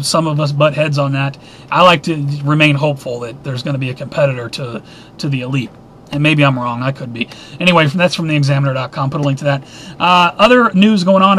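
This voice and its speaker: A man's voice: high voice, a bit bright. A middle-aged man hosting a casual weekly news roundup, reading headlines and adding sarcastic, opinionated asides. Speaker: news briefing host.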